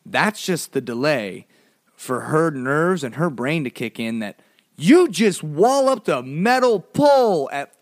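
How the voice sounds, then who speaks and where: A male podcast host recounts a comical childhood memory in a casual, playful way, leaning on "like" and tossing in asides. The studio-quality audio has no echo, and his voice jumps animatedly from low mumbling to high exclamation.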